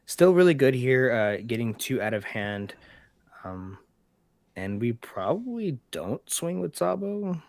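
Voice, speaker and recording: A man's voice: mid-range voice, sing-song, a little slow, darkish tone, no echo. Upbeat male co-commentator, dry sound. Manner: upbeat, agreeable, explaining rules. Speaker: card game co-commentator. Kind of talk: casual match commentary.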